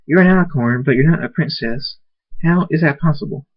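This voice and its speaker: A man's voice: on the high side, fairly quick, no room sound, voice pushed up, lightly acted. A man voicing a curious female pony in a raised, questioning voice, on a dull lo-fi recording.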